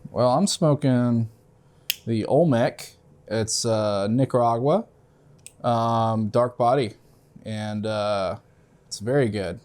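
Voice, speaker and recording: A man co-hosting a podcast, laid-back, tossing in quick reactions and questions from a couch indoors. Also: medium pitch, darkish tone, clean tone. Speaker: podcast co-host. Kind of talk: casual podcast chat.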